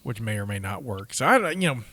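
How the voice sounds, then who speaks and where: A man's voice: fairly low pitch, sing-song, fast talker, fairly bright tone, no echo. A man co-hosting a podcast, reading out trivia with eager stumbles and laughs in casual chat. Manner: enthusiastic, reads facts aloud with stumbles and laughs. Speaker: podcast co-host.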